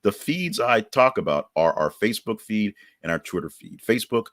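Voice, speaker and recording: A very deep-voiced man talks loosely through news items and a sponsor read, with plenty of fillers and restarts. The sound is dry and close, with no room around it. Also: animated, moderate pace, fairly bright tone, no echo. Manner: rambling, loose and conversational with many fillers. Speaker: podcast host. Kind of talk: casual news chat with ad reads.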